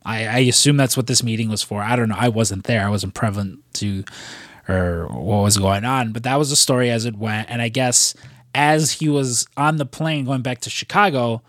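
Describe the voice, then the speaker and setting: A man co-hosting a casual podcast, rambling along with plenty of fillers and offhand swearing. His voice sits in an ordinary middle pitch. The sound is dry and close, with no room echo. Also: moderate pace. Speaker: podcast co-host.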